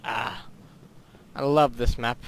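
A man's voice: mid-range voice, steady tone, takes it slowly. A teenage boy giving rambling, goofy commentary over a game he is playing, with silly sound effects. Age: teens. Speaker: gaming YouTuber. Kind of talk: casual gameplay commentary.

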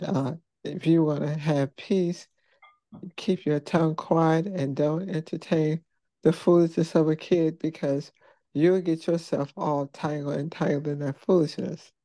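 A church group member sharing a quick testimony in a chatty, casual way, laughing along. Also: mid-range voice, fairly even intonation, mellow, no echo.

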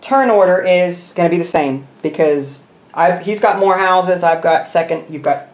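A man's voice: high voice, moderate pace. Man thinking aloud over a board game. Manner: thinks aloud, counting pieces and muttering rules. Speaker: host. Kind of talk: explaining a board game while playing. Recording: roomy room with faint noise.

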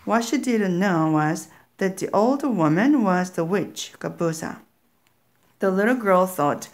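A woman narrating a children's story slowly and clearly, as a reading for learners. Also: medium pitch, lively intonation. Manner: slow, clear, deliberate.

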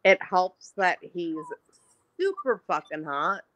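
Podcast co-host: young woman, bright, sharp tone, blunt, swears freely, self-mocking. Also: on the low side, animated, slow pace, dull audio. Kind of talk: casual chat.

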